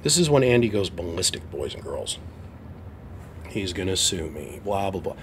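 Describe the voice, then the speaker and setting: A man's voice: sits low, big pitch swings, moderate pace, a little hiss or hum. Blunt, aggrieved man telling a story. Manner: aggrieved, blunt, acts out both sides of phone calls. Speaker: amp repair shop owner. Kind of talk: casual storytelling rant to camera.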